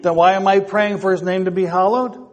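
Male preacher, high and slow, full of rhetorical questions, long hall reverb. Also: flat delivery. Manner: asks rhetorical questions, repeats phrases. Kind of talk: sermon.

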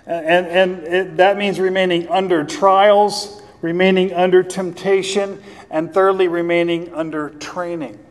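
High-voiced pastor preaching in a reverberant hall. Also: male voice, little pitch movement. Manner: earnest teaching with pauses and repeated phrases; slows down to read scripture aloud. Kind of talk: sermon. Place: church.

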